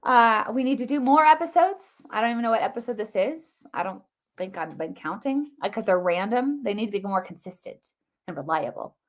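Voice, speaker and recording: A woman's voice: a little high, brisk. A middle-aged woman hosting a live political commentary stream, talking casually and animatedly with lots of restarts and fillers. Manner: animated, rambling, many restarts and fillers, addresses viewers as guys. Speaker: host of a political commentary livestream.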